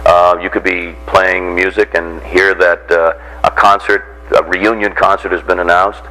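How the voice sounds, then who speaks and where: A man's voice: low-pitched, little pitch movement, moderate pace, pushed and bright, poor audio. An older man, a radio host giving a chatty, self-correcting talk to a classroom of students.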